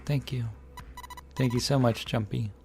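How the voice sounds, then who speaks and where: A man voicing a terrified young woman in a game reading, shrieking in falsetto and then speaking in a trembling hush. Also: level tone, normal speed, faint music behind. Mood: tearful, hushed.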